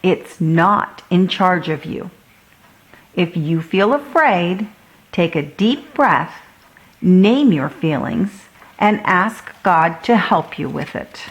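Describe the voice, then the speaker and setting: A calm, wise father giving his son steady, gentle advice, as a woman reads him aloud. Slow, soft storybook delivery. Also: on the low side, lo-fi sound. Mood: advising.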